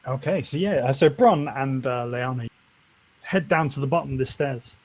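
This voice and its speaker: A man's voice: mid-range voice, moderate pace, a little mellow, low-quality recording. A man narrating a tabletop game as game master, with many fillers and restarts. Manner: hesitant, full of fillers and restarts.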